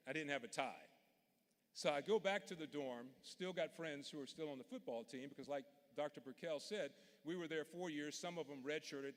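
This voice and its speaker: A Louisiana man gives a commencement speech in a large indoor arena, his voice on the high side with a fairly bright tone. He tells stories in a folksy, earnest, direct way. The big arena adds a long reverb.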